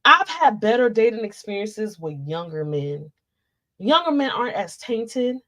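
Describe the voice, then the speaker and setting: This commentary vlogger is a woman of medium pitch who speaks unhurriedly yet very animatedly. In a casual setting, she rants loudly, swearing out of exasperation.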